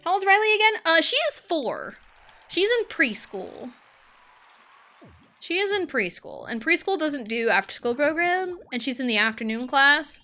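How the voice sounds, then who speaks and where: A young adult woman streaming a party game live, swearing freely and swinging from frustrated yelling to low muttering. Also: big pitch swings, moderate pace. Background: game music.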